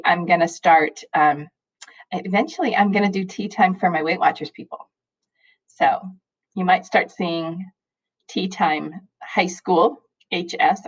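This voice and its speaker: Middle-aged woman teacher, low voice, chatty home video update with lots of laughs, dull lo-fi sound. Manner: chatty and rambling, laughs often. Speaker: high school math teacher. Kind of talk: casual video chat to students. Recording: dull lo-fi recording.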